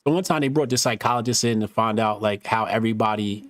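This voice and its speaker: A man's voice: fairly low pitch, fast talker, no room sound, clean studio sound. A man hosting a talk show, telling stories casually with lots of swearing, acting out quotes. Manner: profane, animated storytelling, acting out quotes. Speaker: podcast host. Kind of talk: casual storytelling chat.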